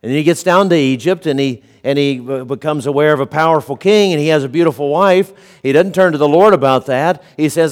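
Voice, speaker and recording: A pastor preaches an earnest, story-driven sermon, often dropping to a quiet, low voice. He speaks a little fast with few pauses.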